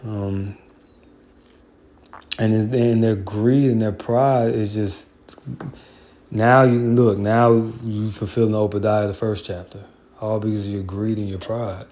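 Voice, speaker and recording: Mellow-voiced man ranting over scripture. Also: fairly low pitch, level tone, unhurried, pauses often, slight background noise. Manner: heated, profane, rambling with many fillers. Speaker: Bible commentator. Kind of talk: casual scripture commentary.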